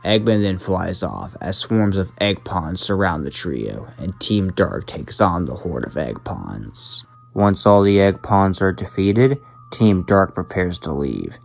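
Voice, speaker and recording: Deep gravelly man narrating a story. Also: lively intonation, faint music behind, low-quality recording. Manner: measured retelling, leans on "however". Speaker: channel host and narrator. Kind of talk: narrated fan story recap.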